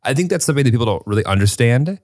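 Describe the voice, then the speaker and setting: A young man co-hosting a podcast in casual chat, musing out loud and explaining ideas with many restarts. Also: mid-range voice, expressive, rapid-fire, no echo, studio quality. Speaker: podcast co-host.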